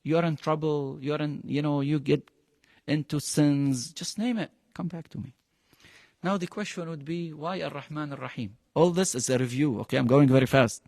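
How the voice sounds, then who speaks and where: Arabic-accented male religious teacher, fairly high voice, lively and questioning, dry sound with a long hall tail. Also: normal speed. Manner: animated, questioning the class, pitch jumping high for emphasis. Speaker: Quran teacher. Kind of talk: interactive religious lesson.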